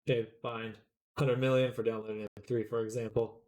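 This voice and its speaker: A man's voice: mid-range voice, flat delivery, moderate pace, a little mellow. A man chatting casually on a live stream while he draws, rambling with many fillers and answering viewers' comments.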